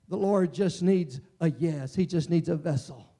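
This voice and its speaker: A man preaching a sermon with impassioned delivery that swings between loud, fervent passages and hushed ones. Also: on the high side, normal speed.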